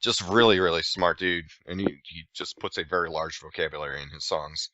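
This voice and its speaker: A man co-hosting a podcast, chatting casually, riffing and joking with quick self-corrections. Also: sits low, steady tone, sharp tone, no echo, lo-fi sound. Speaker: podcast co-host. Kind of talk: casual chat.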